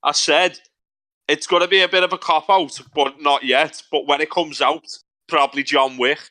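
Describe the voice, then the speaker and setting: A man's voice: a little high, fairly even intonation, moderate pace. A young man with a Scouse accent co-hosting a podcast, swearing a lot and winding up his mates. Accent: Liverpool Scouse. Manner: loud, swearing, laughing, winding others up. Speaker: podcast co-host. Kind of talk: crude casual banter.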